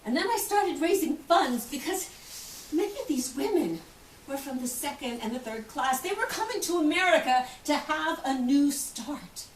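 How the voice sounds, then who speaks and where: A woman's voice: sits high, lively intonation, moderate pace. An actress giving a theatrical first-person monologue as an outspoken, wealthy woman who survived the Titanic, telling the story vividly and acting out the voices of others. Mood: brisk. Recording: roomy, distant, faint hiss.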